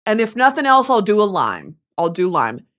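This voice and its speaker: A woman's voice: mid-range voice, big pitch swings, normal speed, fairly bright tone. A woman from Texas hosting a podcast, telling a story as a comedic monologue in a profane, self-mocking way. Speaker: podcast host.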